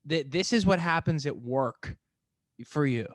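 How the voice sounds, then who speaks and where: Podcast host guy, kinda high voice, dry close mic, chill and emphatic. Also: animated, unhurried, no echo. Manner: agreeable, emphatic, says "dude" a lot. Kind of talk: casual conversation.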